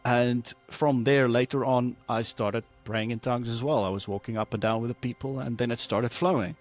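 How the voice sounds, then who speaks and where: Male guest, mid-pitched, recounts a personal story with animated quoted voices and loose fillers over faint music. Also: normal speed. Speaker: podcast guest.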